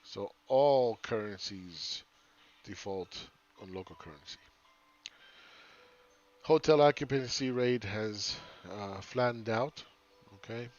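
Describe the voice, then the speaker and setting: A man's voice: lowish voice, slow, lo-fi sound. A man giving casual, rambling live chart commentary as a market analyst, often asking "right?".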